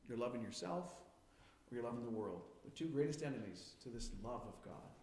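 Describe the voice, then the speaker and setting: A man preaching a sermon as a pastor, firing questions at his congregation and moving between quiet reflection and emphatic points. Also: mid-range voice, lively intonation, a little fast, reverberant.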